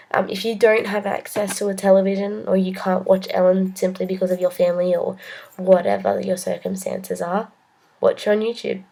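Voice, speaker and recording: Earnest young Australian woman, mellow voice. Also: medium pitch, creaky. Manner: earnest, halting, many ums and restarts. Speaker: vlogger. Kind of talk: personal coming-out story to camera.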